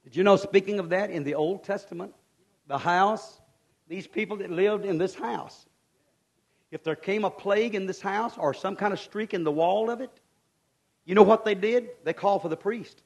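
A male preacher delivering a fervent sermon in a voice high for a man. He drops to a hush, then climbs to shouted peaks. He talks in a folksy way and keeps asking the congregation questions. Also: normal speed. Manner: fervent, swings from hushed to shouting.

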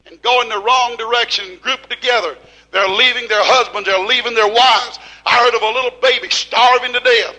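A man preaches a fiery sermon in a strikingly high voice. His tone is bright and forceful, and he rises into shouts, then slows to hammer home short repeated lines. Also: steady tone, poor audio. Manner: preaching with rising shouts and slow emphatic repeats. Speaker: pastor.

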